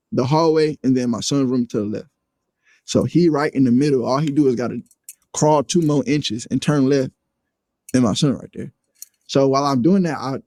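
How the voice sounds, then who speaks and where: A man, a guest on a casual podcast, tells an animated story in profane slang and acts out other people's voices. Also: mid-range voice, no echo.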